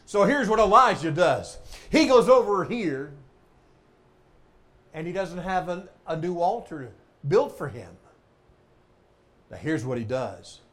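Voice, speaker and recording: A male preacher delivering a sermon with dramatic swings between loud exclamations and hushed emphasis. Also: sits high, expressive, unhurried, pauses often.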